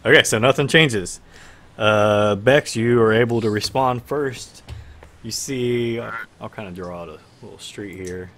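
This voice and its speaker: A man's voice: fairly low pitch, measured pace, a bit bright. A man narrating a tabletop game as game master, in a casual manner with filler words. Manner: casual, stops to fix his screen while talking.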